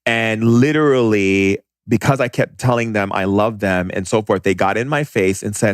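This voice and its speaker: A man speaking as a podcast guest, telling stories bluntly and animatedly, in quick bursts with restarts. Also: fairly low pitch, no echo, studio quality. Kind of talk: casual storytelling.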